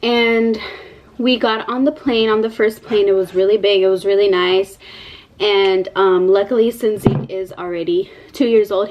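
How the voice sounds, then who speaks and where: A woman's voice: mid-range voice, darkish tone, poor audio. A young mother tells a casual storytime vlog in a mid-range voice. She is chatty and profane, and she fills her sentences with "like" and "you know.". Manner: chatty, profane, many fillers. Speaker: vlogger, mother.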